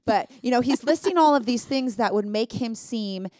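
A woman's voice: on the high side, expressive, moderate pace, darkish tone, no echo, studio quality. A woman co-hosting a casual Bible study chat, earnest and emphatic, thinking aloud as she explains. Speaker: podcast co-host.

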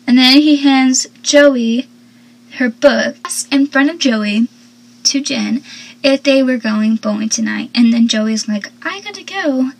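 A young woman with a slightly husky, fairly high voice chats through a recap of a TV episode. She rambles and drifts into personal asides as she goes. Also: steady tone, takes it slowly, poor audio. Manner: rambling and talkative, with asides and laughs. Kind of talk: casual chatty recap.

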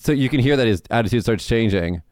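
Blunt, smooth-voiced male podcast host. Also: mid-range voice, animated, fast, darkish tone, dry recording, clean studio sound. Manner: blunt, swears freely, loose and rambling. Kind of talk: casual chat.

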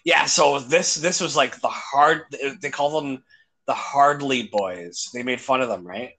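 A man's voice: medium pitch, measured pace, fairly bright tone. A man in casual chat, swearing constantly and acting out comedy clips he has seen.

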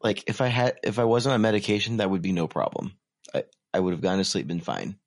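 A man in his twenties co-hosts a podcast, chatting casually and rambling with lots of fillers, self-deprecating and sounding tired. His voice is lowish and fast. The audio is clean studio sound with no echo.

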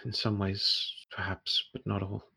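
A man voicing a terrified half-elf woman who speaks in a hushed, halting, stammering way. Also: on the low side, monotone, gravelly, husky, no echo, heavily acted. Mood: frightened, hushed.

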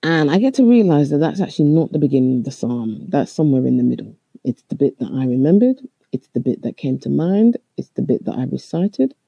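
Gravelly, husky, earnest, halting retelling. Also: mid-range voice, sing-song, mellow, no room sound, highs cut off. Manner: earnest, halting, with frequent restarts and fillers. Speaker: storyteller recounting a personal experience. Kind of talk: first-person spoken account.

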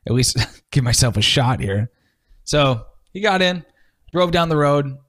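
A man's voice: mid-range voice, expressive, unhurried, a bit bright. A man co-hosting a casual podcast, laid-back and teasing as he tells a story. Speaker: podcast co-host. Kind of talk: casual chat.

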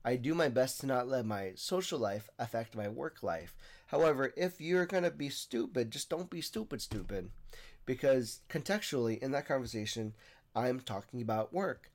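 Animated and moderately paced, the young man's medium-pitched voice carries a casual podcast monologue. He talks earnestly, rambles, and often restarts what he is saying.

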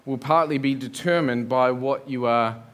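A man's voice: mid-range voice, normal speed. A man preaching a sermon in a church, earnest, building up lists and rhetorical questions. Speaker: pastor.

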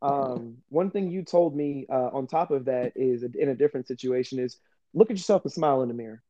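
A man hosting a casual podcast chat, talking in an animated way, laughing often and acting out remembered conversations. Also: mid-range voice, a little fast, highs cut off. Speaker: podcast host.

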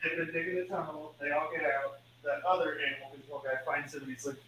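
A man's voice: on the high side, steady tone, fast. A man retelling a movie plot in casual chat, laughing often and swearing freely as he rambles. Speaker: podcast co-host. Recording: roomy, distant mic, faint noise.

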